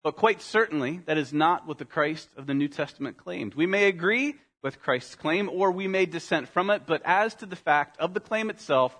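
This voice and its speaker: A male pastor preaching a sermon, earnest, slowing down and dropping to a soft voice on key phrases, calling his listeners "guys". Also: a little high, lively intonation. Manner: earnest, slows down and drops softly on key phrases; addresses congregation as "guys".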